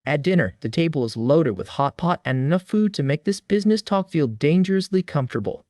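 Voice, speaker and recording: Male recap narrator, wry scripted read, voice a bit high, dry close mic. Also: expressive, brisk, a little mellow, no room sound.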